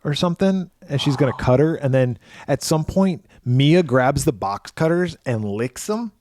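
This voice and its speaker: A man's voice: medium pitch, expressive, normal speed, darkish tone, a little hiss or hum. Profane man recapping a horror film. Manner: profane, rambling retelling with restarts. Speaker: podcast co-host. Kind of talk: casual film recap chat.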